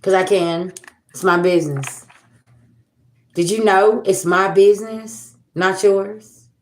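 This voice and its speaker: A woman's voice: medium pitch, steady tone, slow pace, reverberant. A woman, hosting a casual tarot livestream and talking bluntly to viewers, swearing freely and with sass. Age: 40s. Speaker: tarot reader and livestream host.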